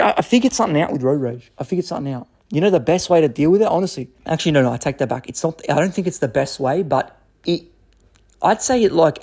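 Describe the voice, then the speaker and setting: A young Australian man telling road rage stories in a profane, rambling, animated way. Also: medium pitch. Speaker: storyteller. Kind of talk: casual storytelling rant.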